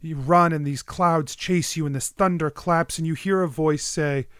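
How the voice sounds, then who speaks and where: A man's voice: on the high side, steady tone, moderate pace, few pauses, a bit bright, clean tone, dry recording, studio quality. A man running a tabletop game as game master, narrating scenes and voicing side characters, with frequent fillers.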